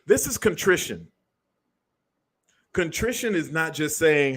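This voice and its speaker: A man's voice: medium pitch, lively intonation, unhurried, long pauses, a bit bright. A man hosting a show, delivering a blunt, profane commentary monologue. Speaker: show host.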